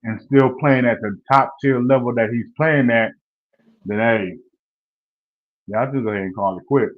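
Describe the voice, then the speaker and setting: A man's voice: mid-range voice, normal speed. A man co-hosting a sports talk podcast, in laid-back, slangy casual chat. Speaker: podcast co-host. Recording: dull lo-fi sound.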